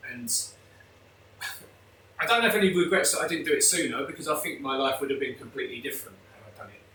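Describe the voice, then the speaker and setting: A man's voice: mid-range voice, expressive, a little fast, bright, forceful tone, a little hiss or hum. A man talking openly and emotionally as a guest, with many restarts. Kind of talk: candid conversational interview. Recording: echoey room, mic at a distance.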